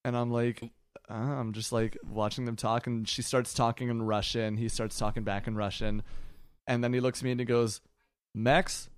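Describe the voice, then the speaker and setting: Laughing, halting man telling a story. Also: medium pitch, flat delivery, clean tone, no room sound. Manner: halting, full of restarts, laughs while talking. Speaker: podcast guest. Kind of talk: casual storytelling.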